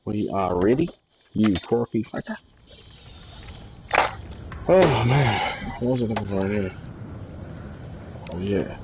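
A man's voice: lowish voice, expressive, takes it slowly, long pauses. A man chatting casually and joking with lots of swearing while streaming a game from home. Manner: laid-back, profane, joking. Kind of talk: casual live-stream chat. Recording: noisy home stream audio.

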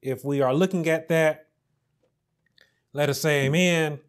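A pastor delivers his sermon at a slow, deliberate pace, his fairly high voice lifting when he reads scripture. He repeats key phrases for emphasis and leans into the words. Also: fairly even intonation. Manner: slow, emphatic preaching, rising in pitch on scripture.

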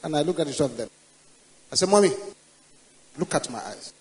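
An older Nigerian pastor preaches, his voice sitting high. He swings from plain storytelling into loud, commanding prayer declarations. A long hall reverb trails after every phrase. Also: expressive, brisk. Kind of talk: sermon with prayer.

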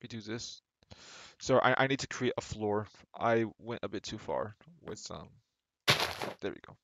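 A man's voice: fairly low pitch, measured pace, creaky, fairly bright tone, dull audio, a little hiss or hum. A man streaming a game live and chatting casually, rambling and tripping over repeated words. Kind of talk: casual live gameplay chat.

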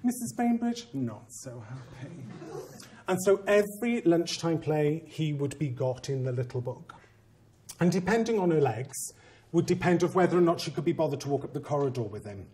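A man who is a head teacher, giving a conference talk and telling a story with humor and animated, self-mocking asides. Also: fairly high pitch, normal speed, a little hiss or hum.

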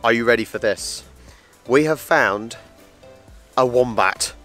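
A man's voice: medium pitch, takes it slowly, a bit bright, faint music behind. A man filming a travel vlog as he walks around a wildlife park, chatting playfully about the animals. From England. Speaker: travel vlogger. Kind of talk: casual walk-and-talk vlog commentary. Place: outdoor wildlife park and reptile house.

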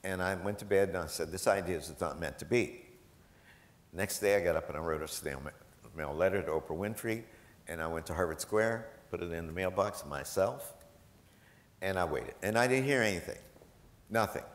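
A man, a professor, telling animated, self-deprecating anecdotes to a live audience and laughing often. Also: low voice, normal speed, reverberant. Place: large event hall.

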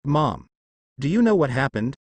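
A man's voice: medium pitch, sing-song, normal speed, breathy edge, no echo. A man playing a cocky teenage ninja boy. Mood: puzzled. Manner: cocky and teasing. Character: brash teenage boy ninja, cheeky and defiant.

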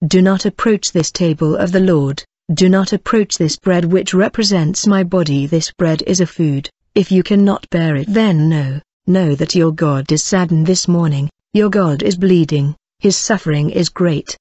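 A solemn voice reads a prophetic message aloud at a measured, declaiming pace, pitched in a middle range. The sound is muffled and lo-fi, and the room is very dry. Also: darkish tone, no echo. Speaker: reader of a prophecy. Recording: dull, dry lo-fi recording.

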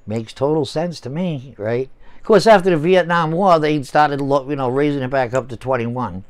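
A man's voice: medium pitch, moderate pace, clean tone, no room sound. A man in his sixties, a channel host ranting casually with heavy swearing, heated sarcasm and repeated words. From United States. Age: 60s. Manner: profane, swears often. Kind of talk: casual rant to camera.

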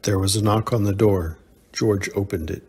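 A man narrating a science fiction short story in a measured, steady reading. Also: on the low side, husky.

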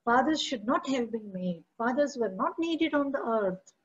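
A woman teacher with an Indian English accent patiently takes her students through a story line by line, dropping into Hindi to explain and pausing often to make sure they follow. Her slightly high voice has lively intonation and a normal speed. It comes through muffled, like lo-fi online class audio.

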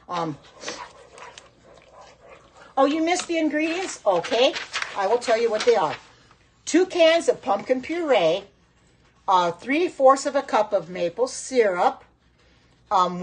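Her voice is mid-range and husky. She's a middle-aged woman cooking in her own kitchen while livestreaming from her phone, chatting casually, answering viewer comments out loud and often exclaiming.

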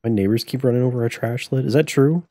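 A man's voice: mid-range voice, fast talker, dark tone, dry recording. A young man live-streaming a life-sim game, cursing, joking and laughing as he reacts to what happens. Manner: profane, joking, laughs often. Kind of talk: casual live-stream commentary while playing.

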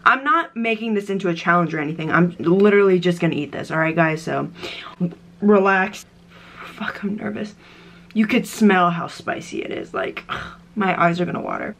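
A young woman films a casual mukbang vlog in her dorm room, swearing, gasping and coughing in pain from the spicy food. She speaks at a moderate pace in a lowish, slightly bright voice with lively intonation, over a little hiss or hum.

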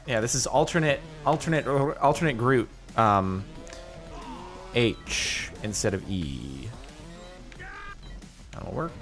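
A man hosting casual gaming commentary, animated and quick to exclaim and laugh. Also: medium pitch, faint music behind. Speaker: host.

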